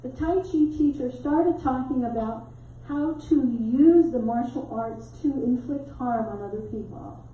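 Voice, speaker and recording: Warm-toned woman minister in an echoey hall. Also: sits high, unhurried, hardly any pauses. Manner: animated storyteller who acts out quotes and laughs often. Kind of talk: storytelling sermon. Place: church sanctuary. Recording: echoey hall mic from a distance.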